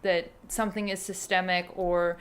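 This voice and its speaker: A woman's voice: lowish voice, level tone, moderate pace. A woman co-hosting a casual podcast chat, rambling and filling her talk with "like" and "you know". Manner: rambling, hedges with "like". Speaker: podcast co-host.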